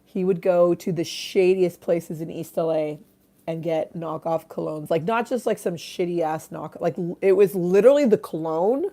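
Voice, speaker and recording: This is a woman on a casual live stream, chatting to her viewers while she eats and sips a drink. Her voice sits low with a gravelly edge. She swears freely and pokes fun at herself in a loose, irreverent way. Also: moderate pace, mellow.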